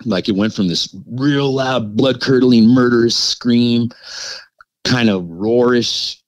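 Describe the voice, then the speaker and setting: A man's voice: medium pitch, dry recording, poor audio. A man telling a podcast host about an encounter in a casual, rambling way, full of fillers and restarts. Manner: rambling and halting, full of "like" and "you know". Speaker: podcast guest recounting an encounter. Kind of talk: casual storytelling.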